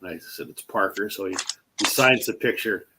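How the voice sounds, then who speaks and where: Lower-voiced man telling a story. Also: moderate pace, background noise. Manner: animated retelling, acts out quoted speech; fillers and restarts. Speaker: host. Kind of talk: casual chat, storytelling.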